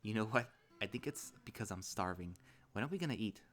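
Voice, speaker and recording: A worn-out young male furry swimmer, dry and exasperated with his fussing friend, read by a man close to his own low voice. He sounds sarcastic and drained rather than theatrical. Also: lively intonation, a little fast, a bit bright.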